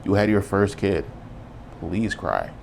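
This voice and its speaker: A man with a low, deep voice and a gravelly edge hosts a solo podcast. He talks in an earnest, reflective way, casual and loose, dropping "bro" as he goes. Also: very animated, slow, darkish tone, a little hiss or hum. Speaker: podcast host.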